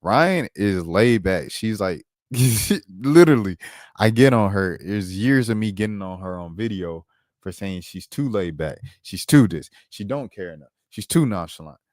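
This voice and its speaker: Here a man with a lowish, slightly mellow voice speaks a little slowly but with lively intonation, in clean studio sound with no room echo. He runs a laid-back basketball commentary stream, peppering his talk with "bro" and "dog" as he pulls up clips.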